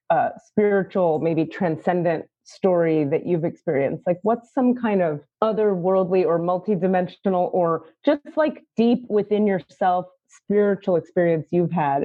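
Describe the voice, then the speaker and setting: A woman hosting a podcast, telling spiritual stories in an excitable way and acting out quotes in high squeaky voices. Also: no echo, narrow, tinny audio. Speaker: podcast host and spiritual teacher. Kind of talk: animated casual chat.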